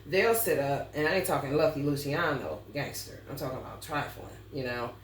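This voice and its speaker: A woman's voice: sits low, brisk, slight background noise. A woman ranting bluntly and profanely in a casual astrology vlog. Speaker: astrology reader. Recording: roomy sound, distant mic, faint ambience.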